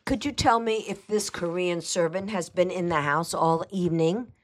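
A woman's voice: on the low side, normal speed, voice pushed up, close to an everyday voice. A woman reading a firm, insistent male lawyer. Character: brisk, confident male lawyer.

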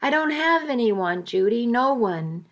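A woman's voice: fairly high pitch, expressive. A woman voicing a frightened teenage girl who sobs and stammers her words. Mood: tearful. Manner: sobbing, halting, stammering pleas.

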